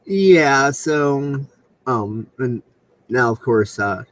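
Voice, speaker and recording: A young man hosting a solo comedy stream into a computer mic, rambling crudely with lots of fillers and silly loud outbursts. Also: medium pitch, expressive, very slow, low-quality recording. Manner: loud comic outbursts and squealed voices. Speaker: comedy show host. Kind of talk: solo comedic commentary over screen share. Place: alone at home on a live video stream. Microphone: computer mic on a video call.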